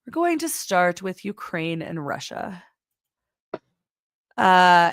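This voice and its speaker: A woman co-hosting a news talk show, reading stories and tossing in sarcastic jokes. Her pitch sits in the middle of the range, and she often trails off while hunting for the next item. The recording is dry and close. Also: gravelly, fairly bright tone, dry recording. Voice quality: sarcastic, jokey, trails off when searching. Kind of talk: casual news commentary.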